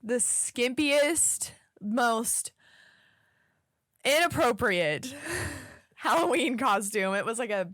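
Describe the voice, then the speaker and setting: A young woman from Oklahoma co-hosting a podcast, telling a story in casual chat. She is an animated storyteller who swears casually. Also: on the high side, slow, pauses often, no echo, studio quality. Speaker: podcast co-host.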